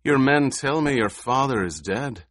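Audiobook figure: weary, angry male fighter, tense forceful delivery, read by a man. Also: mid-range voice, expressive, a little slow, no echo, studio quality, voice pushed up. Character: gruff weary male warrior, angry, grieving.

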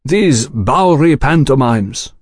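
A man's voice: mid-range voice, lively intonation, slow pace, slightly rough, no echo, clean studio sound, pitched above the performer's own voice. A man voicing a bitter, aggrieved exiled revolutionary who speaks insistently.

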